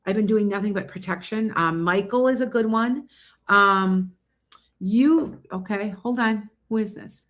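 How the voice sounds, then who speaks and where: A woman hosts a casual psychic livestream from her home. She talks fast and rambles in an animated way as she chats with viewers. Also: medium pitch. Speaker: psychic reader hosting a livestream.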